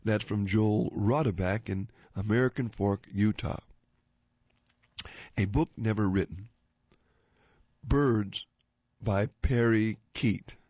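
Husky low-voiced man reading jokes. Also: slow pace, pauses often, no room sound. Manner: chuckles after punchlines; animated, switches voices for joke characters. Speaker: host reading listener jokes. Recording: dull, dry lo-fi recording.

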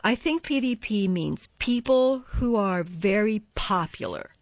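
A woman's voice: medium pitch, expressive, a little slow, no room sound, muffled recording, voice pushed up. A woman voicing a snippy, bubbly teenage girl friend in an audiobook.

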